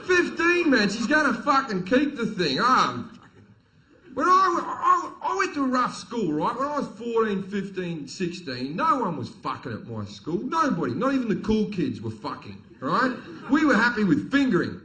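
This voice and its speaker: A man with an Australian accent doing a stand-up comedy set, telling crude, profane stories and punching up the jokes loudly. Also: sits high, huge pitch swings, moderate pace, poor audio. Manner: crude, profane, storytelling delivery with sudden loud punchlines. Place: comedy venue stage with audience.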